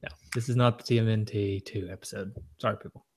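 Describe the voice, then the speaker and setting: A man's voice: lowish voice, steady tone, quick pace, a little mellow. A man, co-hosting a casual podcast and chatting in an easygoing way, laughing often and letting sentences trail off. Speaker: podcast co-host.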